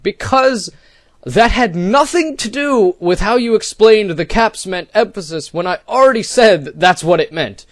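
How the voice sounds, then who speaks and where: Young guy reading dumb posts out loud all sarcastic, yells then grumbles, kinda high voice. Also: dry recording. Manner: sarcastic, exasperated, swings from shouting to muttering. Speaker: comedic reader of forum posts. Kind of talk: mock-dramatic reading with commentary.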